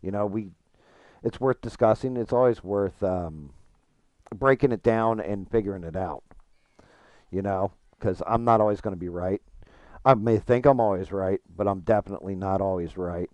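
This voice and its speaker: A man's voice: fairly low pitch, normal speed, darkish tone, dry recording. A man chatting casually with his stream chat while gaming, frank and profane, rambling and restarting his thoughts.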